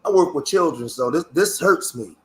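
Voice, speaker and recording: A man's voice: fairly high pitch, expressive, moderate pace, a bit bright. A man from Philadelphia giving a passionate, preachy reaction commentary, swearing as he talks. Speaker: online commentator.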